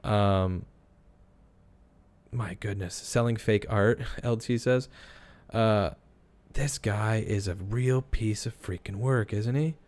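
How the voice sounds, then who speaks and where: A man's voice: on the low side, slow, long pauses, a little mellow. A man casually commenting on a news story during a live stream, reacting to viewer comments as he goes.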